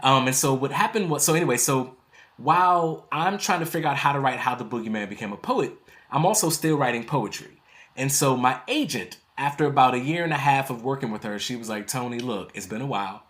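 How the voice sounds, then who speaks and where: A man's voice: medium pitch, animated, brisk, fairly bright tone. A man in his thirties, a poet and author, telling a story in conversation, acting out quotes and laughing often.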